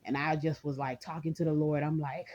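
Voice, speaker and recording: A woman's voice: low voice, level tone, a little fast, a little mellow, lo-fi sound. A woman vlogger in a casual rant, rambling and chatty, talking straight to her viewers and laughing often.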